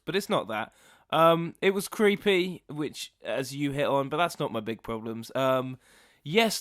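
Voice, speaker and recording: A blunt man co-hosts a casual podcast in a middle-pitched voice. He rants with dry sarcasm and swears freely. The recording is dry and close-miked. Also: fairly bright tone, dry recording. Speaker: podcast co-host.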